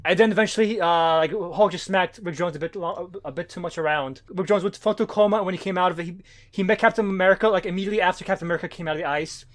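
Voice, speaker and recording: Fast high-pitched guy rambling about comics, swears a lot, lots of uh and like. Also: a bit bright. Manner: rambling, swears often, many fillers and restarts. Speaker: podcast co-host. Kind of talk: casual comics podcast chat.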